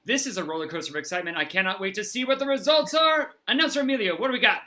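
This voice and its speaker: An energetic improv comedy referee hosting a game with playful, quick game-show patter. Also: medium pitch.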